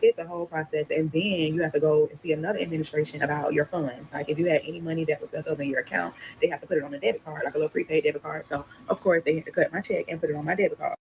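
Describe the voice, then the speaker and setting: A young adult woman telling a casual storytime on a livestream, animated and acting out the voices of people in her story. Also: low voice, very fast, few pauses, slight background noise, rough recording. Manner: animated, acts out quoted voices. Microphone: livestream computer mic.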